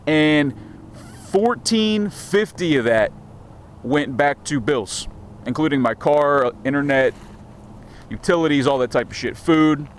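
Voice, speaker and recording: A man's voice: fairly high pitch, expressive, slow, slight background noise. Stammering, swearing man ranting outdoors. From United States. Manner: profane, rambling, stammering rant. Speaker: vlogger. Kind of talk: casual vlog monologue. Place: outdoors in a small town street. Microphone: handheld camera.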